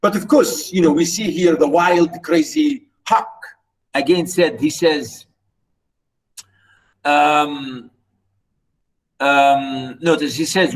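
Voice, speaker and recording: A man's voice: fairly high pitch, slow, pauses often, distant mic, rough recording. A man lecturing on literature, who repeats and restarts phrases as he explains and points out British pronunciation.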